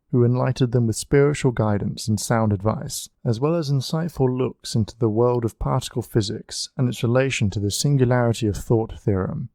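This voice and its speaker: A man reading a storybook aloud in a steady, even narration. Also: medium pitch, creaky, no echo, clean studio sound. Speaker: audiobook narrator.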